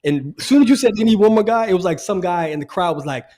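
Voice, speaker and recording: A middle-aged man co-hosting a casual sports podcast, animated and repeating his phrases as he talks. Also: sits high, fast, a loud crowd. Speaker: podcast co-host.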